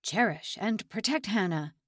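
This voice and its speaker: A woman doing a gentle old man. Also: mid-range voice, lively intonation, a little slow, no echo. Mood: solemn. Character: kindly old male prisoner officiating a wedding.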